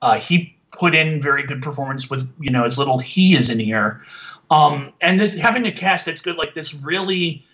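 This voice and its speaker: A man casually reviewing an old TV show, rambling with many fillers and restarts, getting animated when he complains. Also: a little high, moderate pace, muffled recording. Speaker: podcast reviewer.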